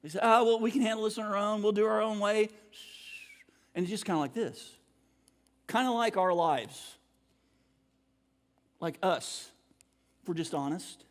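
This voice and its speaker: A pastor with a notably high voice delivers a sermon in a relaxed, conversational manner at a moderate pace, taking long pauses and often clearing his throat between thoughts. A long reverb rings his voice out through the church sanctuary.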